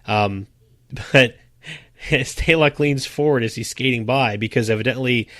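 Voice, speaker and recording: Male co-host, casual sports chat, chatty and quick to laugh, middle pitch, dry close sound. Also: fairly bright tone, no room sound. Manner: chatty, laughs often while telling stories. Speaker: podcast co-host.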